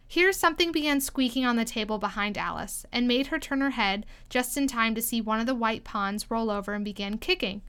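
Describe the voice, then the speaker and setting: A woman reading a storybook aloud in an expressive, lively storytelling manner. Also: fairly high pitch, moderate pace, smooth. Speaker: storybook reader. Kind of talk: storybook read-aloud narration.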